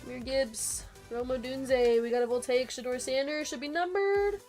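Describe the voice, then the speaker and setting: A young woman hosting a live card break stream, quickly reading off player names and chatting with viewers. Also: sits high, a little mellow. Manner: rapid listing of names, chatty asides to viewers. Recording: faint background music.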